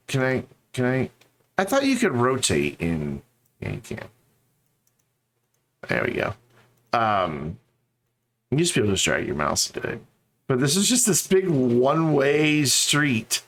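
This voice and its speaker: A man's voice: medium pitch, fairly bright tone. A man streaming a game, chatting casually and rambling to his viewers. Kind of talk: casual live-stream chat.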